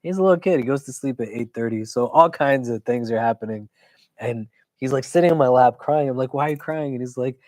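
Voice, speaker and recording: A man, an imam, teaching a weekly religious class in a casual, conversational way. He keeps checking in with his listeners and tells stories with quick asides. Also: mid-range voice, no room sound. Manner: conversational, keeps asking "do you know?"; animated storytelling with quick asides.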